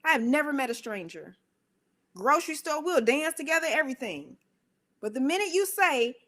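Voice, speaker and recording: A woman with a fairly high voice gives a spiritual motivational talk. She speaks in a conversational, emphatic way and fires off rhetorical questions. Now and then she slips into squeaky voices to act out her own thoughts. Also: expressive, moderate pace, fairly bright tone. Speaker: speaker of a worship center.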